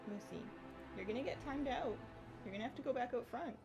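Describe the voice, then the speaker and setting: A woman live-streaming a game who chats casually, laughs often and coos at her pets in a high sing-song. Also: brisk, gravelly, over music.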